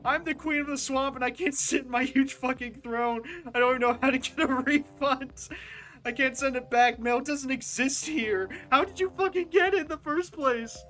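A streamer reading aloud, loudly, the lines of an exasperated tiny queen complaining about her giant throne. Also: medium pitch, brisk, few pauses, natural voice. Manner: loud, exasperated ranting. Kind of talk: reading game dialogue aloud.

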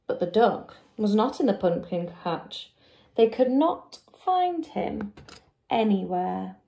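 A teacher reading a picture book aloud to young children, with an expressive, drawn-out delivery. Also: female voice, mid-range voice, gravelly. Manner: expressive, drawn-out, lively character voices.

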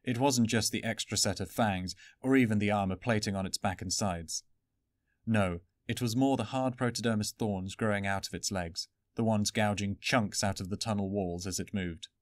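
A man narrating a fantasy adventure story in an even, steady storytelling manner. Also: fairly low pitch, moderate pace, no room sound, clean studio sound. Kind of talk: audiobook fan reading.

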